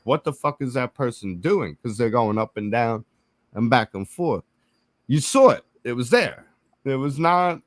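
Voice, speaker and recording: A man's voice: medium pitch, no room sound. A man telling a story in casual chat, swearing freely and acting out the quotes. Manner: profane, animated, acts out quotes. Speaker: podcast co-host.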